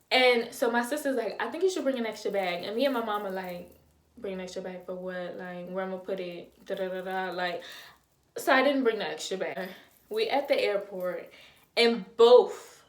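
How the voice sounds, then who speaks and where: A young woman in her twenties tells a storytime vlog dramatically, acting out quotes and making sound effects. Her voice is mid-range and the sound is roomy.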